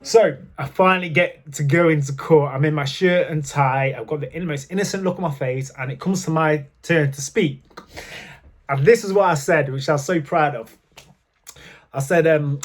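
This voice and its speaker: A man's voice: a little high, normal speed. A man telling candid personal stories to camera in a chatty way, with frequent fillers. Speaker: vlogger. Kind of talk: casual storytelling to camera.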